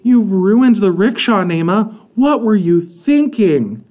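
A man reading a storybook aloud, voicing an anxious mother who scolds her daughter in a shrill, exasperated tone. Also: animated, normal speed, darkish tone, natural voice. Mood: upset.

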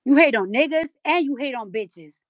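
Heated high-voiced woman ranting. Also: animated, normal speed. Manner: heated, profane, repeats lines for emphasis. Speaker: rapper hosting a live audio chat room. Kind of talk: angry live-stream rant.

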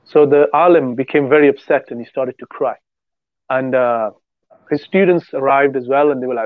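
A man's voice: mid-range voice, moderate pace, no echo. Man on a tinny, dry phone-like line. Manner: rambling storyteller with many restarts. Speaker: podcast co-host. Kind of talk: casual religious discussion.

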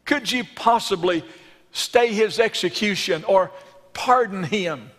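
A man's voice: high-pitched, slow, a bit bright, heavily acted. A male preacher voicing a grieving mother who pleads for her son's life, in an earnest storytelling manner. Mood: pleading. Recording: long reverb in a church sanctuary.

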